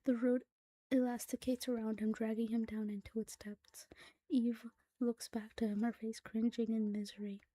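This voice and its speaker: A woman narrates a horror story in a hushed voice that often slips into a whisper. Her voice sits a little high but stays flat and level, with a soft, mellow tone. The recording is close and dry. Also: normal speed, dry recording. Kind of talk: dramatic reading of a horror story.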